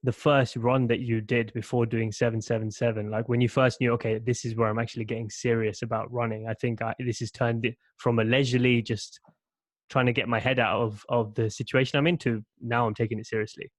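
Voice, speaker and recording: A man hosting a podcast, reflecting out loud in a halting, thoughtful way with frequent false starts before he asks his guest a question. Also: mid-range voice, little pitch movement, dry recording. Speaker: podcast host. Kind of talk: conversational interview.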